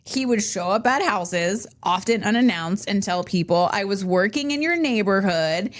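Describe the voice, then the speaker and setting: A chatty woman co-hosts a casual podcast conversation. Her voice sits at an ordinary middle pitch, but she breaks into laughter often and leaps way up in pitch when she gets animated. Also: moderate pace. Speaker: podcast co-host. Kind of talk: casual chat.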